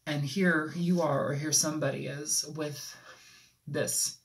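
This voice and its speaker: A tarot reader from Los Angeles giving an intuitive reading, talking in a rambling, halting way with frequent ums, as if channeling impressions as they come. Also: mid-range voice, fairly even intonation. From Los Angeles, United States.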